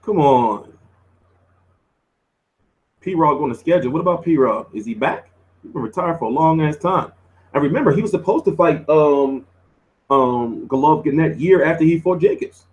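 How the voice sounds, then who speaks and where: A man's voice: fairly high pitch, animated, normal speed, long pauses, darkish tone, dull audio. A man hosting a boxing news show, talking in a casual, slangy, laid-back way. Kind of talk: casual commentary.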